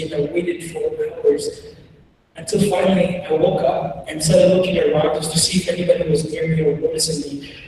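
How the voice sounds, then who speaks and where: A man tells a personal story as a keynote speaker, in a voice somewhat high for a man. He speaks in slow, measured phrases with weighty pauses. The sound carries a long echo through a large hall and is picked up from a distance. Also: a little mellow, a little hiss or hum. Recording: echoey hall recorded from far off.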